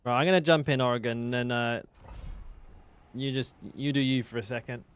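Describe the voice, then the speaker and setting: A man's voice: medium pitch, steady tone, a little fast, clean tone. Joking British man streaming a game. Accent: British English. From Britain. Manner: joking, swearing, banters with chat. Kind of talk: casual gaming stream chat.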